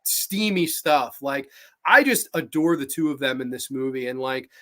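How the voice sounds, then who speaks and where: A man hosting a podcast, chatting casually and excitably about films, swearing freely and acting out scenes. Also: medium pitch, normal speed. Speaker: podcast host. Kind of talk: casual film chat.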